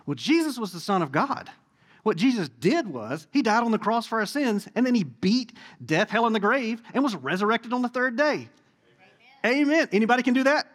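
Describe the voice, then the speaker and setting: A man in his forties gives a sermon in a church, speaking in a high voice that swings up and down with lively energy. He keeps it conversational and playful, tossing jokes and asides to the congregation between his points. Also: in a large hall. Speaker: pastor.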